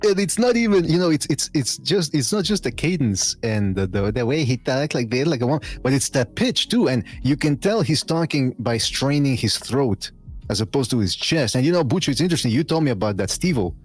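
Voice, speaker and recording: A man co-hosting a podcast in casual chat, telling stories in an animated way and laughing often. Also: mid-range voice, brisk, breathy edge. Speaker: podcast co-host.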